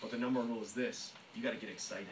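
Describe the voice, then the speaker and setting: A man giving an energetic sales training talk to a room, fast and emphatic, often acting out phone calls. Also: lowish voice, a little hiss or hum. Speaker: network marketing trainer. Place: meeting room with audience. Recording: echoey room, voice from a distance.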